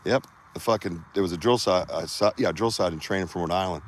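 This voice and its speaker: A man hosting a podcast live outdoors, telling profane, animated war stories and acting out the shouts of the people in them. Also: deep voice, quick pace, a little hiss or hum. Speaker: podcast host. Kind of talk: casual storytelling on a live outdoor stream.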